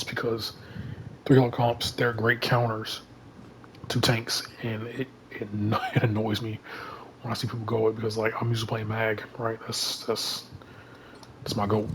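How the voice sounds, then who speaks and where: A man chats loosely to his audience, his voice staying level and even in pitch. He drifts from point to point and leans constantly on fillers like "you know" and "like". A faint hum sits low behind him. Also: moderate pace. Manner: rambling, heavy use of "you know" and "like". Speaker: gaming YouTuber. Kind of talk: casual vlog commentary.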